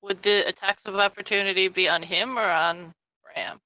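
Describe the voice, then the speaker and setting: Bright-voiced woman with a dry close sound. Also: mid-range voice, steady tone, moderate pace, no room sound, poor audio. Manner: hesitant rules questions. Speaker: player. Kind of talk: tabletop game play.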